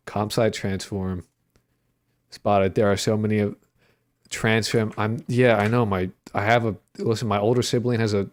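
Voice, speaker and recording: A man's voice: lowish voice, darkish tone. A young adult man chatting casually with his livestream audience while coding, rambling with lots of fillers, joking and swearing. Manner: playful, jokey banter with chat. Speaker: streamer and indie game developer.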